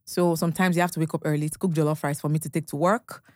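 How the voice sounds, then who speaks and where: Nigerian woman guest, young, animated storyteller, dry close sound. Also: low voice, rapid-fire, no room sound. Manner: animated, acts out dialogue, laughs often. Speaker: podcast guest. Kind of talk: casual storytelling chat.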